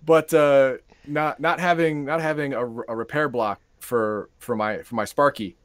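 Male co-host, mid-pitched, hesitant and stammering, dry close recording. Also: steady tone, measured pace, fairly bright tone, no room sound. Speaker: podcast co-host. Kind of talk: casual chat.

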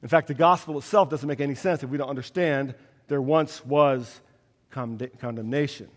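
A man preaching a sermon as pastor, slow and emphatic with dramatic pauses. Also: medium pitch, long reverb tail.

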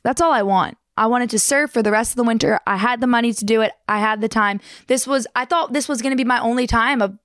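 A young woman from New Jersey telling her own surfing story in a fast, chatty, animated way with casual slang. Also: a little high, no echo, studio quality. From New Jersey, United States. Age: young adult.

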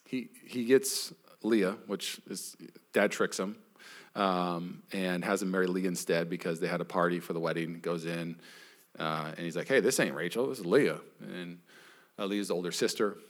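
A man's voice: deep voice, fairly even intonation, moderate pace. A man pastor giving a sermon in a casual, conversational way, retelling a story and acting out its people. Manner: casual, conversational preaching with acted quotes.

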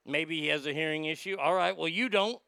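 Male comedy host, swearing storyteller, higher-pitched with a smooth, clear tone. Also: brisk, bright, forceful tone, no room sound, clean studio sound. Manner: blunt, swearing, riffing storyteller. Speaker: podcast host answering listener mail. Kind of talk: profane comedic advice rant.

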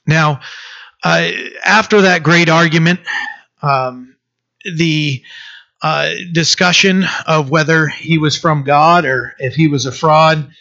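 A man preaching a sermon in a halting way, with many fillers and restarts. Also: fairly high pitch, gravelly, pushed and bright, muffled recording. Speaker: pastor.

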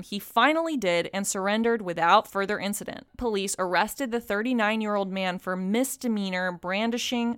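A woman podcast co-host who reads out news items in a steady way, then reacts and jokes with her co-host. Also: mid-range voice, clean tone, no echo, studio quality. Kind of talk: reading news then casual chat.

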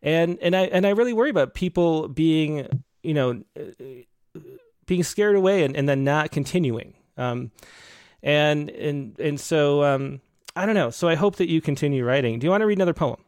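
A man hosting a casual interview, his voice a touch higher than most men's. He talks earnestly and haltingly, circling back and restarting his phrases. The recording is dry with no room sound. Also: animated, a little mellow, smooth, no room sound. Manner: hesitant, restarts often, earnest. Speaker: podcast host. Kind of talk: casual conversation.

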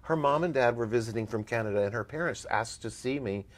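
A man speaking as a guest in an interview, recounting his agent days with blunt emphasis. His voice sits at an ordinary middle pitch, and he drives his points home with firm, animated delivery. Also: quick pace. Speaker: former talent agent.

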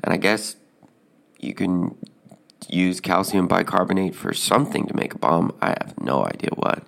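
A man telling a personal anecdote in a deadpan, hesitant way, with frequent fillers. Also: deep voice, normal speed, gravelly. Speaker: storyteller.

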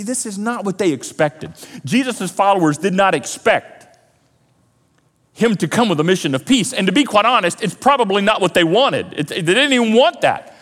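High-pitched guy preaching, acting out little scenes, big reverby church sound. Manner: animated, acts out Bible scenes in quoted voices. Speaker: pastor. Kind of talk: sermon. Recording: long hall reverb.

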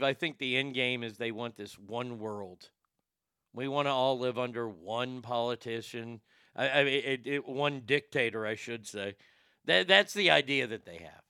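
A man's voice: medium pitch, a little slow, pushed and bright, clean tone, no echo, clean studio sound. A man hosting a casual talk show, blunt and rambling, swearing freely. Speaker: show host.

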